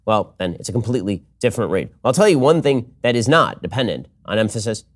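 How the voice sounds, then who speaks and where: Man, commentary host, rapid delivery, very lively pitch, sardonic, studio mic. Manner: animated, sardonic, quick restarts. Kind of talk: fast opinionated monologue.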